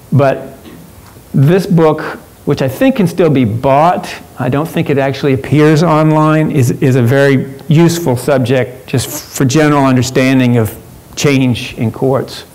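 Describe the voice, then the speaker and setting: A man's voice: medium pitch, a little mellow, low-quality recording. A man presenting a workshop at a professional conference, talking conversationally with frequent fillers and restarts.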